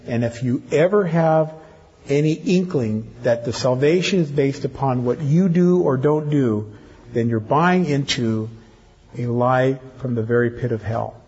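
An older pastor preaches to his congregation, slipping in teasing asides to the ladies in the pews. His medium-pitched voice is a little slow and mellow with a breathy edge, captured on a dull lo-fi church recording.

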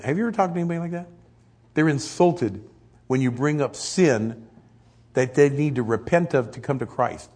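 A middle-aged male pastor preaching a conversational, animated sermon. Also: medium pitch, a little fast. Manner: conversational, animated, acts out quotes.

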